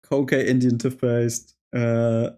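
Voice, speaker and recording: A man's voice: mid-range voice, level tone, takes it slowly, mellow. A chatty man hosts a live football watchalong in a casual, rambling way. He laughs often, reads chat aloud and breaks off to call out the play. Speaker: streamer host.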